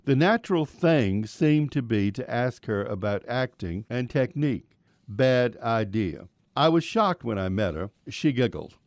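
A man's voice: mid-range voice, animated, unhurried, dry recording. A man giving a scripted radio commentary on an actress, telling a wry story about meeting her. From Virginia, US. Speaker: radio film critic.

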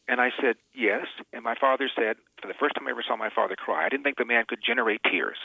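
A man's voice: medium pitch, expressive, fast, gravelly, pushed and bright, dry recording. A male radio host telling an emotional personal story in an interview, with emphatic repetitions. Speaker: radio host and author, guest. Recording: tinny phone line, dry.

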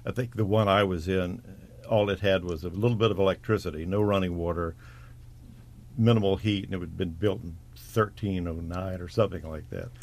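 A man's voice: sits low, steady tone, a little fast. A middle-aged American man hosting a broadcast interview, genial and rambling, often restarting his phrases. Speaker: interview host.

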